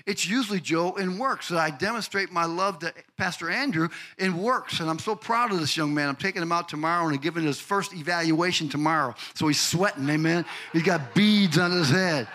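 An older male pastor preaching with fervor, his voice a touch high and bright with a forceful edge. He calls out members of the congregation by name and swells into shouted, almost sung peaks. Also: a little fast, hardly any pauses. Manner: builds to shouted, sing-song climaxes. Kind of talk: sermon.

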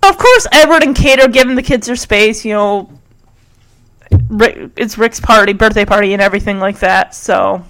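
A woman's voice: mid-range voice, normal speed, a bit bright, rough recording. A woman recapping an old TV episode in casual, chatty talk, gushing and full of fillers. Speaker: show recapper.

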